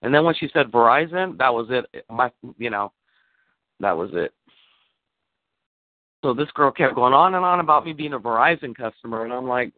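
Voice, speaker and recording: A man on a call, telling a story in casual chat, animated and swearing, acting out the lines he quotes. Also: mid-range voice, normal speed, long pauses, no echo. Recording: tinny phone line.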